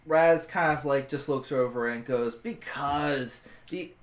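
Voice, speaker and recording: A man's voice: mid-range voice, normal speed. A man playing a tabletop role-playing game, describing his characters' actions hesitantly with fillers. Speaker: player.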